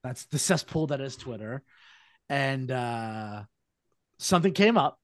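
A man co-hosting a podcast, telling a story in a casual, lively way and slipping into silly mock accents. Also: mid-range voice, measured pace, no echo, studio quality. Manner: animated storyteller, slips into mock British voices. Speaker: podcast co-host. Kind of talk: casual chat.

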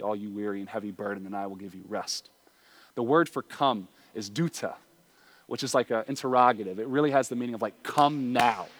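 A man preaching a sermon, earnest, moving between quiet, low passages and raised, pleading appeals. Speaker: pastor.

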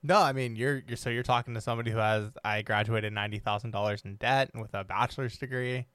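A man's voice: medium pitch, fairly even intonation, quick pace, a bit bright, no room sound. A young adult man hosting a casual interview, chatty and loose with frequent ums and restarts. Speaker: podcast host.

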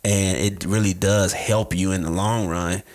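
A man's voice: sits low, a little slow. A man in casual conversation, acting out dialogue as he tells stories. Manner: animated storyteller acting out dialogue. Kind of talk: casual chat.

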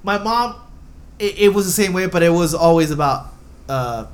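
A man's voice: high-pitched, lively intonation, normal speed. A man co-hosting a podcast in casual chat, laid-back and chiming in briefly. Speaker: podcast co-host.

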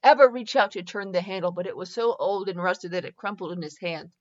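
A woman's voice: fairly low pitch, brisk. A woman reading a parody fan story aloud, amused, often correcting herself. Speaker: fanfiction reader. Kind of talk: amused casual read-aloud. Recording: dull lo-fi recording.

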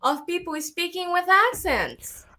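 A woman's voice: extremely high pitch, big pitch swings, unhurried, bright, forceful tone. A young woman with a Latin American accent, a filmmaker talking animatedly in an interview and peppering her speech with "like" and "you know". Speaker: filmmaker guest. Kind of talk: casual interview chat.

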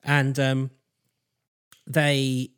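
A man, hosting a casual podcast chat and telling a strange story in a halting way, full of fillers and restarts. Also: medium pitch, monotone, fairly bright tone, smooth. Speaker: podcast host.

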